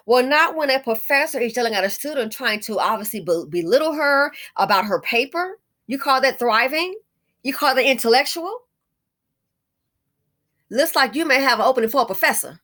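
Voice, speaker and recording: A middle-aged woman commentator with a high, expressive, bright voice speaks fairly quickly and forcefully in a casual video commentary. She sounds indignant and emphatic, repeats her phrases, and keeps calling the listener "honey."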